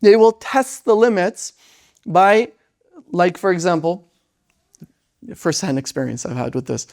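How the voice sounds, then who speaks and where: A lecturer giving an Islamic parenting lesson. They speak in a lively way, often tag lines with "right?", and briefly act out parents and children. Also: medium pitch, a little slow, gravelly. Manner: animated, tags lines with "right?"; acts out parents and children in quoted voices.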